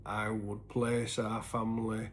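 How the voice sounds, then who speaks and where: A man telling his own story in an earnest, halting way, full of restarts, and sometimes sinking to a near-whisper. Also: lowish voice, monotone, a little hiss or hum. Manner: sinks to a soft, breathy near-whisper at painful moments. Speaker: recovery vlogger. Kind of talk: personal confessional storytelling.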